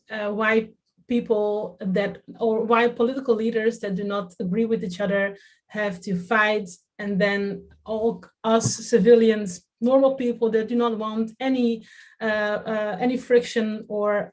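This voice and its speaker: A woman's voice: medium pitch, level tone, a little slow. A woman from the Netherlands in her thirties, talking in an interview about her work in theater, with lots of fillers and restarts. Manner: hesitant, many fillers and restarts. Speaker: festival artistic director. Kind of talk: interview, reflective talk.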